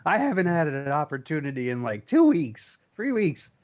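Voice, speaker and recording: A man playing a tabletop game, playful and quick to laugh. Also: fairly high pitch, sing-song. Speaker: player. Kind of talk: tabletop role-play. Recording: slightly dull lo-fi mic.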